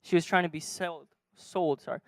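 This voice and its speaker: A man preaching a sermon from a church stage, retelling a story and acting out its dialogue, moving between soft and loud. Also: a little high, steady tone, moderate pace, no room sound.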